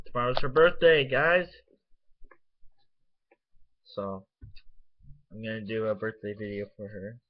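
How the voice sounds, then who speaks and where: A man's voice: lowish voice, highs cut off. Rambling, foul-mouthed man vlogging. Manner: rambling, profane, easily sidetracked. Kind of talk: casual rambling vlog.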